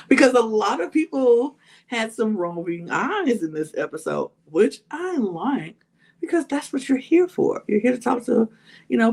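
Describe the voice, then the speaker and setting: With a fairly low, creaky voice, this woman hosts a podcast and chats through a reality show recap, filling it with "like" and "you know" while performing the quotes herself.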